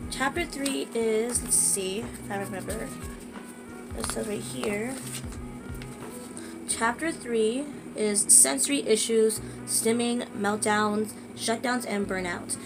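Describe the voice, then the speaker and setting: Excitable woman gushing on her vlog, kinda high voice, lots of ums, faint music under it. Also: takes it slowly. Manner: gushing and excitable, with many fillers. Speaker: vlogger. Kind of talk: casual book vlog.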